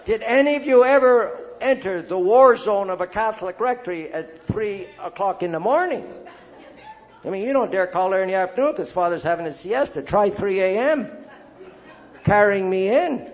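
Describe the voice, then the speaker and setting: High-voiced older man telling recovery stories. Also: normal speed. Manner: lively storyteller, acting out quoted voices; checks in with the crowd with "right?" and "eh?". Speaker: AA speaker and priest. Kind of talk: recovery meeting talk to an audience.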